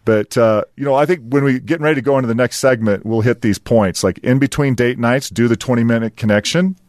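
A man's voice: mid-range voice, fast talker, darkish tone, dry recording. Chatty middle-aged man, dry mic. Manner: rambling, laughs often, many fillers. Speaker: podcast co-host. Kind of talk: casual chat.

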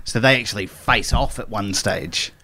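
A man co-hosting a casual podcast, joking in quick banter. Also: lowish voice, pushed and bright. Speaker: podcast co-host.

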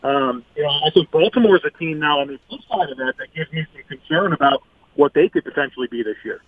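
A man giving measured football analysis as a guest on a sports radio show, heard over a phone line. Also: on the high side, husky. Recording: tinny phone line, dry.

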